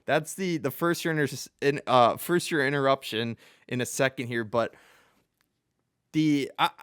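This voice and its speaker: Guy hosting a sports show, rambling and joking at himself, smooth clean voice, dry close sound. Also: mid-range voice, unhurried, fairly bright tone, no room sound. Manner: rambling, self-deprecating, chuckles mid-sentence. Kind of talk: casual sports commentary.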